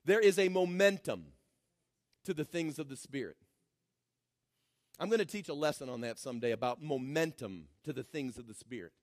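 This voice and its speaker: A man preaching a sermon as pastor, swinging from shouted declarations to low, mocking asides. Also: lively intonation, normal speed, long pauses, no echo, clean studio sound. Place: church.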